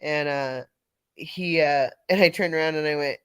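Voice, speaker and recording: A woman's voice: sits low, clean tone, no room sound. Laughing, chatty middle-aged woman. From California. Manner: animated, laughs often, halting restarts. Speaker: panel speaker. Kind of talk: casual storytelling chat.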